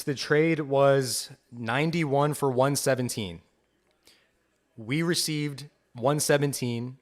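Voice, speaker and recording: A young man hosting a live fan podcast, reacting to picks with excited, repetitive enthusiasm. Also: mid-range voice. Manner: excited, enthusiastic, repeats himself. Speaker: podcast host.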